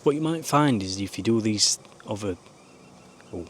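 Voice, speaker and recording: Earnest low-voiced man. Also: lively intonation, normal speed, a bit bright, slight background noise. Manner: rambling, earnest, swears now and then. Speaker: vlogger. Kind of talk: casual advice talk to camera.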